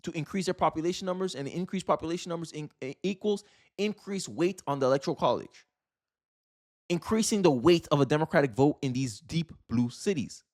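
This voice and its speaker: A man's voice: a little high, expressive, brisk, darkish tone. A man from Florida hosting a political commentary video, ranting heatedly and emphatically in casual slang.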